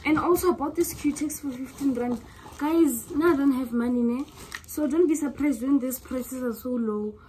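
A young South African vlogger, her voice sitting high and her South African accent clear, talks casually and gushingly to her audience. Soft, musing moments give way to loud excitement, her words are drawn out slowly, and there's slight background noise.

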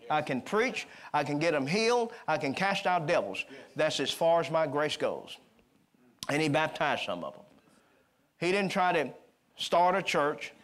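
A man preaching a sermon at a church service, calling for amens and slipping into quick conversational storytelling. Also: on the high side. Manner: rising to emphatic call-and-response, then quick conversational storytelling.

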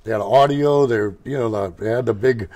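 A man's voice: mid-range voice, fairly quick, crowd noise. An older man who owns a motorcycle shop, telling rambling, digressive stories as a guest in an interview. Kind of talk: casual storytelling interview.

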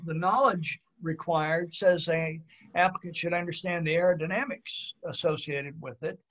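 Man, slightly high pitch, pilot examiner, webinar presentation, measured explanatory delivery, frequent fillers. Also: a bit bright.

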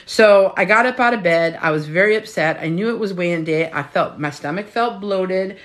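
Speaking at a normal speed in a lowish, slightly bright voice, a menopause health coach in her fifties chats casually on a phone from home. She's frank and swears freely in this live-stream conversation.

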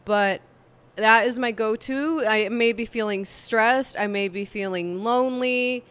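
Woman, vlogger, fatigued, monotone, slow, smooth voice, home talk. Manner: tired, low-energy and monotone. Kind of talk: casual talk to camera. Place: home room with candle and cats.

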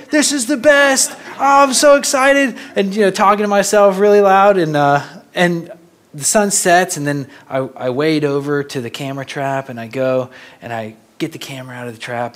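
A young man from Florida giving a talk as a photographer, telling stories in a lively way and laughing often. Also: medium pitch. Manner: animated, laughing storyteller. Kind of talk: storytelling lecture.

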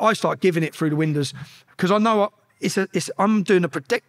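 A man's voice: a little high, gravelly, fairly bright tone, breathy edge. A man, a podcast guest, telling a story with swearing, restarts and acted-out exchanges. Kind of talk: animated storytelling.

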